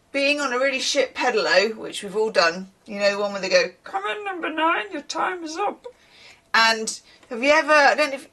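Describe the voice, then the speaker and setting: Chatty woman, lively voice. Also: mid-range voice. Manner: chatty and rambling, often laughing. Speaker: tarot reader. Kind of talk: casual tarot reading vlog.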